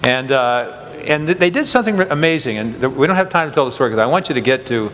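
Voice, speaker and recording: A man's voice: mid-range voice, lively intonation, fast talker, fairly bright tone, long reverb tail. A man interviewing a chapel guest, talking in a rambling way with many restarts and chuckles. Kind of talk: casual interview chat.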